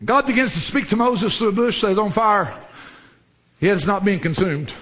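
A man preaching a sermon with fervour, rising into shouts and dropping to low, quiet lines. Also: animated, moderate pace, lo-fi sound. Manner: fervent preaching, swinging from shouts to low murmurs.

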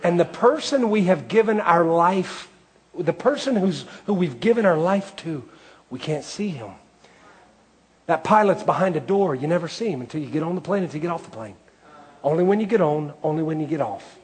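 A man's voice: fairly high pitch, animated, moderate pace, slightly rough. A male preacher delivering a sermon in a rhythmic cadence with repeated phrases.

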